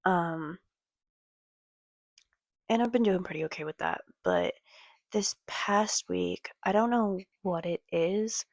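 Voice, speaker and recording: A young woman talking casually to her camera late at night, halting with many ums and sighs. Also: on the low side, huge pitch swings, no room sound. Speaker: vlogger. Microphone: computer or phone camera.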